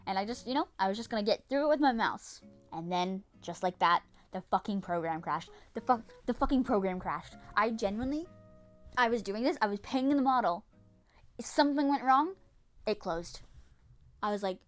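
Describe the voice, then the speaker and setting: A woman's voice: mid-range voice, lively intonation, brisk, faint music behind. A young woman narrating her vlog in a casual, dramatic way, swearing and repeating herself often. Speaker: vlogger.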